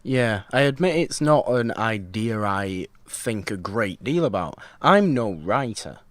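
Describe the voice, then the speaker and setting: A man with a fairly low voice chats casually on a podcast. He rambles, mocks himself and reaches for slightly old-fashioned turns of phrase. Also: lively intonation, a little slow, fairly bright tone, dry recording. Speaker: podcast co-host. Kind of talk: casual chat.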